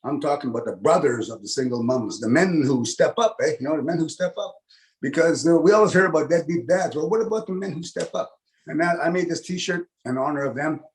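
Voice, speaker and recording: A man's voice: a little high, a little fast, poor audio. A man doing casual stand-up comedy from his home over a video call, chatty with lots of "eh" and "you know".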